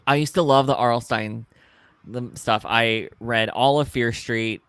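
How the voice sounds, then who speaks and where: A man co-hosting a casual late-night chat, rambling and excitable, often trailing off mid-thought. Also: medium pitch, a little slow, smooth, no echo. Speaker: co-host.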